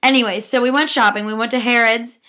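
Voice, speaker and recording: A young woman with an American accent chats on a student vlog. Her voice is bright and clear. She rambles and giggles, and her sentences are full of fillers. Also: fairly high pitch, steady tone, fast talker. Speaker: student vlogger. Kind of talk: casual chat.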